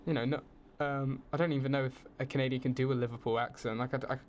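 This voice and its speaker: A man's voice: medium pitch, fairly even intonation, fast talker, slight background noise. A young British man, a film student, chatting casually as a podcast guest, laughing often and restarting his sentences. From United Kingdom. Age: young adult.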